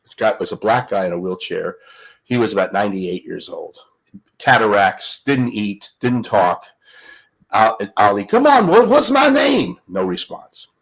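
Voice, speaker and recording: A man's voice: low voice, unhurried, vocal fry, fairly bright tone, rough recording. An older man, a guest on the show, telling stories in a dramatic, emphatic way. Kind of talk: animated storytelling.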